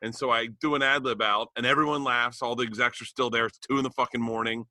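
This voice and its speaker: A man telling excitable comedic stories and laughing on a podcast. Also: mid-range voice, quick pace, no room sound. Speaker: podcast host. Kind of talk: casual comedic storytelling.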